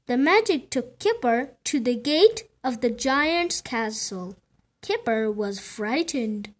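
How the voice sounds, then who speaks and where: A woman with a high, lively voice reads a children's picture book aloud. She takes her time, lifting and dropping her pitch to keep young listeners hooked. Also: slow. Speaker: storyteller. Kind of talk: reading a children's storybook aloud.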